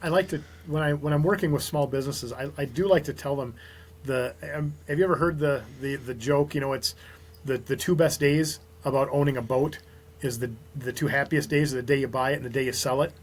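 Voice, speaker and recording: A man, a small business owner from Minnesota, talking as a podcast guest and telling lively stories with quoted dialogue. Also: medium pitch, a little fast. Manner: animated storyteller, quotes others in dialogue. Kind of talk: casual podcast conversation.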